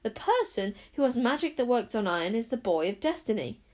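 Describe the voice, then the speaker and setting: A woman voicing an excitable young boy in a storybook, speaking in a loud, eager way. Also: on the high side, brisk. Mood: cross.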